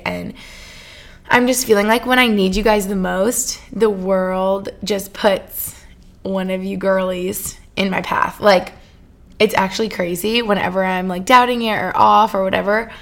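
A woman's voice: mid-range voice, vocal fry. A young woman in her twenties hosting a casual solo podcast, chatty and gushing, with lots of fillers. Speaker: podcast host.

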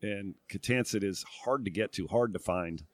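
A middle-aged man from New England speaks as an interview guest. His voice sits fairly low and he thinks aloud, restarting phrases and filling gaps with "uh" and "um". The sound is dry and close. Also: normal speed, dry recording. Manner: reflective, thinks aloud with frequent fillers and restarts. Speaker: guest, former tour golfer and broadcast analyst. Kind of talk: casual interview talk.

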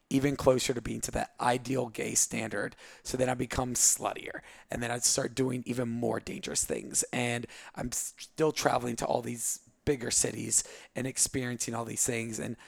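A man's voice: mid-range voice, gravelly, no room sound, clean studio sound. A man in his thirties telling a candid personal story in a rambling way, with many fillers like 'like'. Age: 30s. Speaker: guest.

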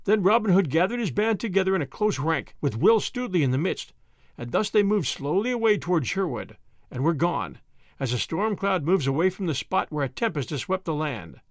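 A man reading an old adventure story aloud in an expressive, lilting way. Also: fairly high pitch, fairly quick, no echo. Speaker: audiobook reader. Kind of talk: storybook narration. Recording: dry close recording.

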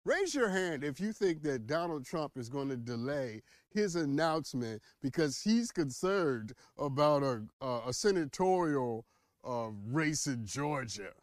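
A man hosting a podcast, giving playful, teasing commentary on headlines with dramatic swings in loudness. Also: fairly high pitch, sing-song, a little slow, dry recording. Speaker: podcast host. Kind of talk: casual political commentary.

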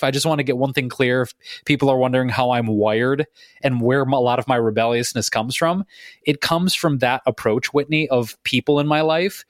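A middle-aged man co-hosting a podcast, talking in an animated, emphatic way and acting out quoted reactions. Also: medium pitch, no room sound, studio quality. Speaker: podcast co-host. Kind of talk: conversational podcast talk.

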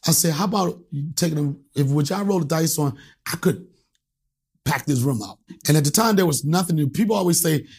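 Man, comedian, husky voice, a bit high, profane storyteller. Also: lively intonation, fairly quick. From Alexandria, Virginia. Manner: profane, acts out voices in anecdotes. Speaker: stand-up comedian, guest. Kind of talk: animated storytelling.

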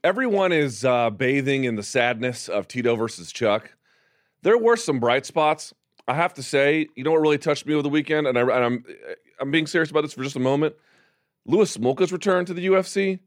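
A man's voice: a little high, lively intonation, a little fast, dry recording. Man, sports talk host, upbeat, chatty, jokey, dry close sound. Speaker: podcast host. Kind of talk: casual sports talk show.

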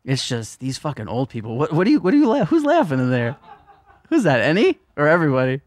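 A man's voice: fairly high pitch, huge pitch swings, fast. A man co-hosting a podcast, rambling through a story in a casual chat and swearing often. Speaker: podcast co-host.

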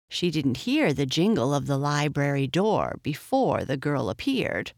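A woman reading a children's storybook aloud in an expressive, measured way. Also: deep voice, vocal fry, no room sound, clean studio sound.

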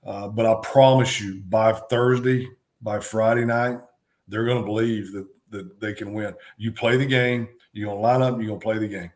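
A man's voice: fairly low pitch, fairly even intonation, moderate pace, darkish tone. A middle-aged man, a former football coach and co-host, talking sports in a casual, emphatic way, repeating phrases to drive his points home.

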